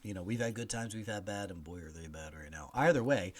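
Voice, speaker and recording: A man's voice: lowish voice, a little fast. A man in his forties hosting a podcast, chatting casually and animatedly through movie reviews and news. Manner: animated, chatty, mock voices in quotes. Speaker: podcast host. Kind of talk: solo movie review chat.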